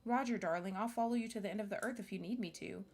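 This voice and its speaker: A woman's voice: medium pitch, fast talker, darkish tone, close to an everyday voice. A woman voicing a devoted young female mage who dotes on one companion and sneers at others. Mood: doting, snippy.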